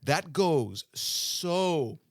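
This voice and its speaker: A middle-aged man hosting an interview, effusive and animated, fond of flowery words. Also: fairly high pitch, very slow, no echo, clean studio sound. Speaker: host, coach. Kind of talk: casual interview chat.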